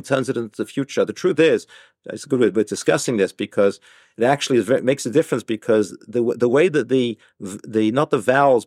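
A man teaching an informal Torah class, explaining slowly with frequent restarts and repeated words. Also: medium pitch, darkish tone, no echo, clean studio sound. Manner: hesitant, many restarts, explanatory.

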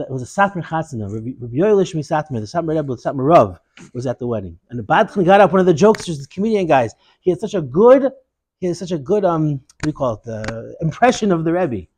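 A man giving a Torah lesson, a digressive and animated storyteller. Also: on the high side, no echo. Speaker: Torah teacher.

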